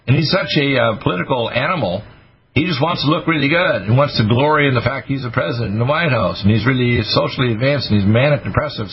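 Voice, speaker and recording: A male radio talk host rants in a grandiose, emphatic monologue. His pitch sits in an ordinary middle range. The sound is muffled and lo-fi, like a dull broadcast recording. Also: a little hiss or hum.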